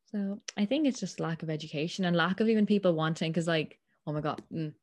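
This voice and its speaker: A woman's voice: on the low side, fast talker. A young woman with an Irish accent, chatting casually and acting out quoted exchanges as she tells a story. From Ireland. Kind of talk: casual chat.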